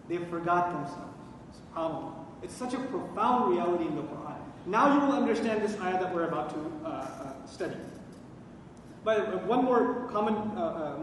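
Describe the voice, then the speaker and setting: A man's voice: high-pitched, a little hiss or hum. A man giving a religious lecture on the Quran, quizzing his listeners with questions and then answering them himself. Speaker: Quran teacher. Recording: echoey hall recording from far off.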